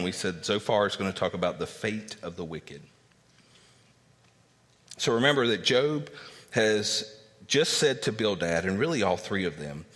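Low-voiced man preaching in a reverberant hall. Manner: animated, acts out quoted speakers with raised pitch; conversational, frequent fillers and tag questions. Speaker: pastor. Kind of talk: sermon with Bible teaching. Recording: long reverb of a church hall.

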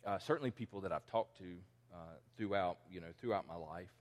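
A man's voice: sits low, fairly quick, darkish tone. A pastor in his forties preaching a conversational sermon, acting out the people he quotes. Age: 40s. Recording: long reverb in a large hall.

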